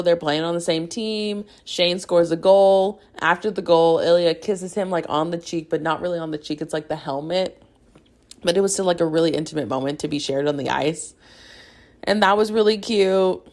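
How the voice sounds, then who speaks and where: A young woman hosting a podcast gushes while recapping a TV episode, rambling casually with lots of "like" and laughter. Her voice is lowish, with vocal fry.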